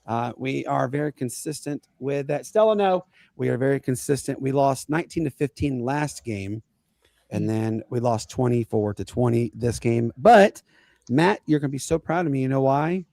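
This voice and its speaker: A man hosting a casual sports podcast over a video call, telling stories excitedly with big swings in loudness. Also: mid-range voice, normal speed, vocal fry, no room sound. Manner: excitable, storytelling, rising and falling loudly. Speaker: podcast host and youth basketball coach.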